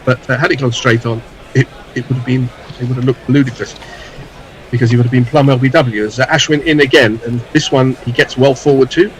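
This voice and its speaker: A man's voice: medium pitch, steady tone, brisk, low-quality recording. Guy doing cricket commentary ball by ball, dry wry jokes, bit of faint hiss behind. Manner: dry, wry asides between deliveries.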